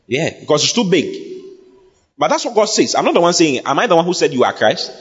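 A man preaching a sermon to a congregation, emphatic and repetitive, building up to shouts. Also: on the high side, big pitch swings, fast, breathy edge. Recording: dull lo-fi recording with long hall reverb.

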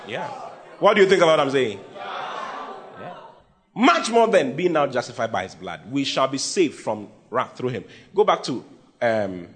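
A man's voice: mid-range voice, fairly bright tone. A man with a Ghanaian English accent, preaching a sermon with emphatic bursts and playful mimicry of his listeners. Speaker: pastor.

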